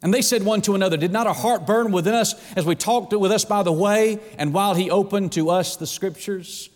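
A high-pitched male preacher delivers a sermon with dramatic swings of voice. He acts out scripture quotes and addresses his listeners as friend. The sound rings with the long reverb of a large hall. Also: a little fast.

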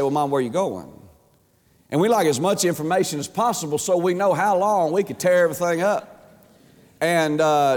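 A man preaching an emphatic sermon as a pastor, stretching words and swinging his pitch up and down. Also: darkish tone. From Georgia, USA. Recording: long hall reverb.

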